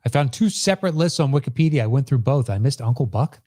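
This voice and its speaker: A man's voice: medium pitch, animated, fast talker, warm tone, no room sound. A man co-hosting a podcast in casual chat, matter-of-fact with dry asides. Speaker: podcast co-host.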